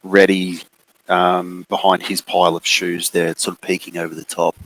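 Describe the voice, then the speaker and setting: A man running a tabletop game as game master, describing scenes in an unhurried, hesitant way with many fillers. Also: low voice, flat delivery, fairly bright tone, poor audio.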